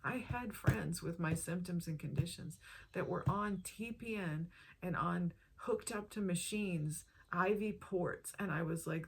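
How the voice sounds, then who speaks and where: Low-voiced woman telling her story earnestly. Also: gravelly, husky. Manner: earnest, heartfelt, drawn-out phrasing. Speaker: health vlogger. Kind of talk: personal testimony vlog.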